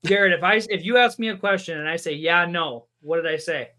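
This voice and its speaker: Bright, high-voiced teasing man. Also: fast talker. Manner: teasing, playful. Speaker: podcast co-host. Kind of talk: casual chat.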